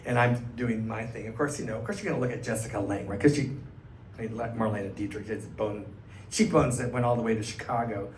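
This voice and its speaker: A middle-aged man, a cabaret performer, telling an animated anecdote to a live audience and acting out the people in it. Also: lowish voice, fast talker, far from the mic. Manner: animated, chatty, acts out the people in his stories. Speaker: cabaret singer and storyteller. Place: small arts venue stage, live audience. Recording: roomy live stage sound, faint room noise.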